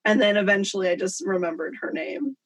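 A woman's voice: mid-range voice, animated, fairly quick. A young woman in casual chat, rambling with lots of "like" fillers.

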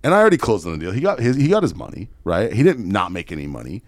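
A man telling a story in a casual podcast chat, animated and swearing freely. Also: fairly low pitch, no echo, clean studio sound. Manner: fast, profane, animated storyteller. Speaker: podcast guest, real estate investor.

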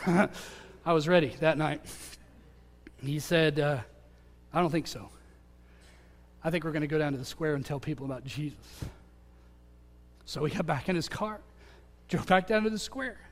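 A man preaching, telling an earnest personal testimony that swings between loud calls and hushed moments. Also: on the high side, unhurried, long pauses. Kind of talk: sermon testimony. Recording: long hall reverb.

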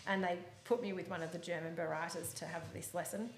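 A woman, a horse eventer telling lively stories as an interview guest, laughing often. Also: fairly low pitch, fast, roomy sound, a little hiss or hum. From Australia. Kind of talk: animated storytelling in an interview.

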